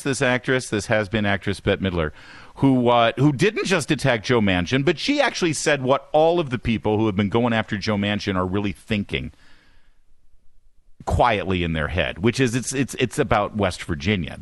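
A man hosting a talk radio show, excitable and self-deprecating, with rambling asides, on a studio microphone. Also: medium pitch, a little fast, dry recording.

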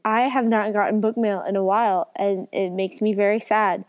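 A woman's voice: mid-range voice, steady tone, normal speed, smooth, dull audio. A woman with a cold co-hosting a casual book podcast, rambling and correcting herself. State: has a cold. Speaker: podcast co-host. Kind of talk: casual book review chat.

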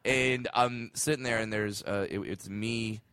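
A man's voice: fairly low pitch, steady tone, unhurried, bright, forceful tone, clean tone, no room sound. A man who is a comedian, telling stories in casual podcast chat with many restarts and laughs. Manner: storytelling, stammering restarts, frequent laughs.

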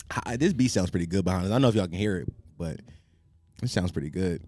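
Lively teasing male podcast host. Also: low voice, a little fast, no echo. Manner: joking, teasing, admits to a stutter. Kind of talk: casual podcast banter. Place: Philadelphia.

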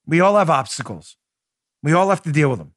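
A man's voice: a little high, big pitch swings, brisk, fairly bright tone, no room sound, studio quality. A man hosting a political commentary podcast, talking emphatically and with indignation, addressing his listeners directly. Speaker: podcast host.

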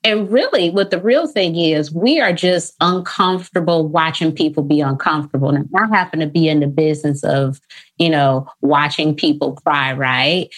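A woman therapist speaking as a podcast guest, animated and laughing often, acting out the phrases she quotes. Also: low-pitched, normal speed. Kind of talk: casual podcast interview.

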